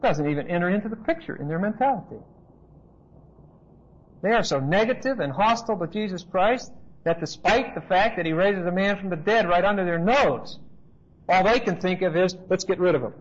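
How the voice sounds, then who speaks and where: A man's voice: high voice, normal speed, slightly rough, muffled recording. A man giving an expository Bible lesson, explaining emphatically and asking rhetorical questions. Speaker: Bible teacher.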